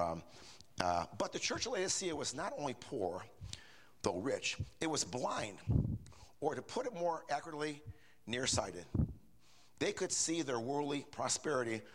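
A man's voice: mid-range voice, fairly bright tone. An older man preaching a sermon in a folksy, repetitive way, often asking the congregation rhetorical questions. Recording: reverberant hall.

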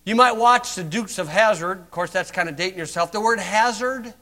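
Preaching a little fast and high-pitched, an older man from the US mocks sarcastically, his sermon swinging from loud stresses to hushed asides.

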